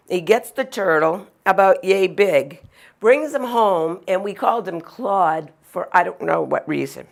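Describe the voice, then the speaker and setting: An older woman telling personal stories from her childhood in a lively way, acting out the sounds and voices she quotes. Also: medium pitch, gravelly. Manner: animated, acts out sounds and quotes. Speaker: storyteller. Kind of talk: personal storytelling.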